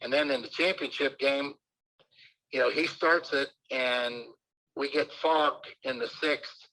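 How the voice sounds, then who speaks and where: Older coach with a bright voice. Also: male voice, medium pitch, fairly even intonation, unhurried, low-quality recording. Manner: rambling anecdotes with many fillers. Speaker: baseball manager. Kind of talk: relaxed interview storytelling.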